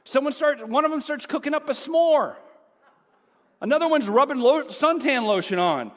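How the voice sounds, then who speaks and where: A male pastor preaching a sermon, telling a story with animation, swinging between excited shouts and quiet asides. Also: extremely high pitch, unhurried, long pauses, big-room sound.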